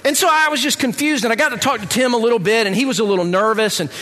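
A middle-aged man giving a personal testimony in an animated, comic storytelling manner. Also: extremely high pitch, racing. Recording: reverberant hall.

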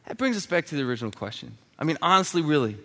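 A man preaching a sermon with humorous stories, talking in an animated way and acting out comic voices. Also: fairly high pitch, rapid-fire, gravelly, big-room sound. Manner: quiet and hushed while praying. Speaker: pastor.

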